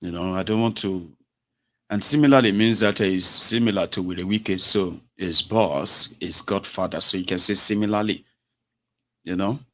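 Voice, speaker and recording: A Nigerian radio host with a fairly low male voice, talking in a loose, lively way. He moves between English, Pidgin and Yoruba. He acts out the voices of the people he quotes. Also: normal speed. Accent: Nigerian, Yoruba-speaking. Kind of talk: casual solo broadcast talk.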